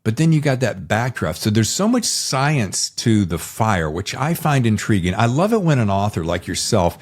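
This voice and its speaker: A man's voice: lowish voice, sing-song, normal speed. A man hosting a podcast interview, talking in an enthusiastic, rambling way. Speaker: podcast host. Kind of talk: casual interview chat.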